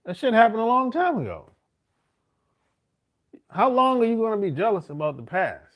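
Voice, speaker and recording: This host is a middle-aged man whose voice sits high and swings widely in pitch at a moderate pace. He spins stories in a loose, bragging, foul-mouthed monologue, peppering his slangy street talk with "man" and "bro."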